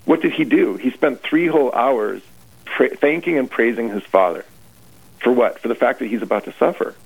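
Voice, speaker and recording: A man's voice: medium pitch, lively intonation, normal speed, gravelly, husky. A man, a priest leading a retreat, preaching earnestly on a radio show and often restarting his phrases. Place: radio broadcast. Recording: tinny phone-like radio line.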